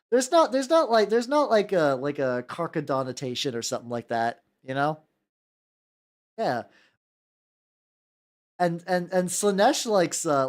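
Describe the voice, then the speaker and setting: Young American man, casual painting-stream host, rambly, stammering restarts. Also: a little high. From United States. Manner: rambling, stammers and repeats words, laughs often, jumps between topics.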